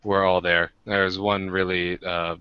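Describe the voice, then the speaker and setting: A man's voice: sits low, level tone, measured pace, clean tone, dry recording, dull audio. An American man co-hosting a podcast, telling rambling, self-deprecating stories in casual chat with many restarts. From United States. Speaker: podcast co-host.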